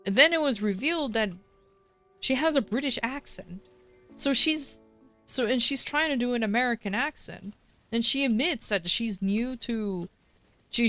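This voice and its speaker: A woman's voice: medium pitch, fairly bright tone. A woman streamer in a casual livestream chat, ranting bluntly with swearing and frequent restarts.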